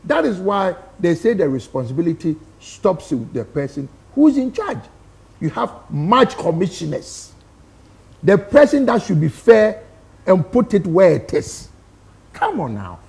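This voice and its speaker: Unhurried and a little mellow, this man's high-pitched voice has a sing-song quality and some vocal fry. As a talk-show studio guest with a Ghanaian accent, he argues with passion and asks rhetorical questions.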